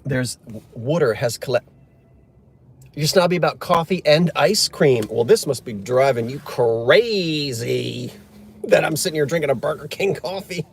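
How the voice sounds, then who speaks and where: A man's voice: on the high side, animated, measured pace, creaky, slight background noise. A man chatting casually on a live stream, joking and answering viewer comments. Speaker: livestream host.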